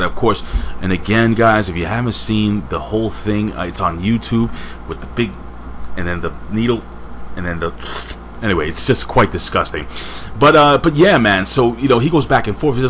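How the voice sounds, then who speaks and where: A man's voice: lowish voice, normal speed, fairly bright tone, slight background noise. A man casually reviewing a wrestling show, rambling with joking asides and chatting to a friend off camera.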